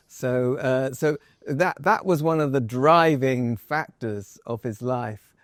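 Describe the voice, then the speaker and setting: A man's voice: mid-range voice, slow, dry recording, clean studio sound. A man as an interview guest, answering in a thoughtful, wry way and telling stories about his family.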